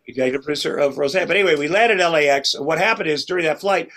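A man's voice: on the high side, racing, a bit bright. Rambling middle-aged man telling stories. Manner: rambling, restarts often, acts out quoted lines. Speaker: podcast guest. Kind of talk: casual storytelling chat.

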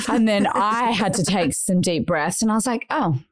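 A woman in her thirties co-hosting a podcast, chatting casually and telling a lively story that acts out the quotes. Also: medium pitch, normal speed, few pauses. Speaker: podcast co-host. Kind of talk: casual chat.

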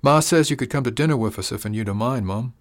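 A man voicing an eager little boy who speaks in an excited, breathless way. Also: mid-range voice, quick pace, voice pushed up, lightly acted.

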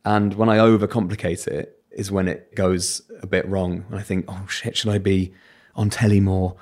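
Low-voiced British man telling candid stories. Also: normal speed. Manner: candid, self-mocking, lively storytelling. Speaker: radio presenter as podcast guest. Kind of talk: casual interview chat.

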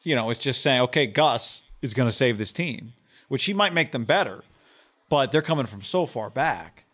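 A man's voice: medium pitch, lively intonation, normal speed, fairly bright tone. A man co-hosting a sports podcast in easygoing, joking banter. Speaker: podcast co-host. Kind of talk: casual sports chat.

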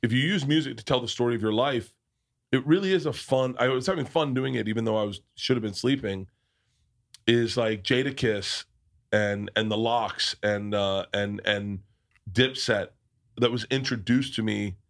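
A man's voice: medium pitch, moderate pace. Podcast host, male, from the US South; loose, rambling storyteller who swears freely and restarts a lot. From American South. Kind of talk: casual storytelling chat.

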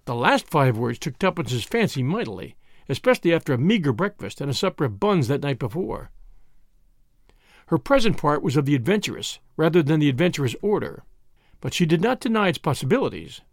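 A man narrating an audiobook in a measured, expressive reading. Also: fairly high pitch, dry recording, clean studio sound. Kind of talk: scripted narration.

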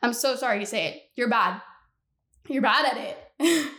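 A young woman hosting a solo podcast, ranting bluntly and with animated exasperation. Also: a little high, normal speed, reverberant. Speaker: podcast host.

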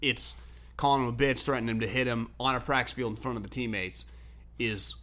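A man co-hosting a sports talk show, telling stories in an animated, profane way and laughing often. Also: mid-range voice, a little fast, slight background noise. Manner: animated storyteller, swears freely, laughs often. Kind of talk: casual sports debate chat.

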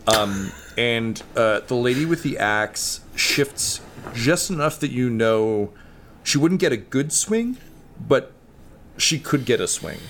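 A man's voice: mid-range voice, sing-song, takes it slowly, a bit bright, a little hiss or hum. A man narrating as game master, rambling with many fillers and restarts.

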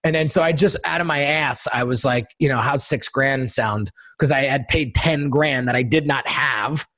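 A middle-aged man telling his life story in a casual interview, animated, acting out quotes and often repeating words. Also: medium pitch, normal speed, no echo. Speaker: guest entrepreneur and designer.

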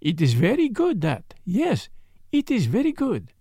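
A man voicing a clever older male detective who speaks gently and courteously. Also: high-pitched, huge pitch swings, a little slow, slightly rough, no echo, clean studio sound, voice pushed up, full character voice. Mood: earnest.

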